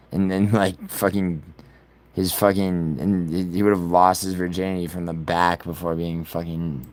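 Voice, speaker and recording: A young man with a very low voice talks loosely to his live chat, swearing freely and trailing off mid-thought. His talk is rambling and casual, broken by laughs. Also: level tone, unhurried, a little mellow. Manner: profane, rambling, laughs often. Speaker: livestreamer.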